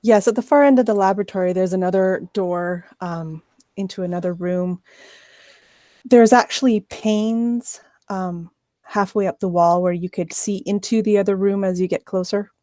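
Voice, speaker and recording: A woman's voice: medium pitch, fairly even intonation, moderate pace, warm tone, no echo. A woman narrating as game master of a tabletop game, sometimes hesitant as she searches for words.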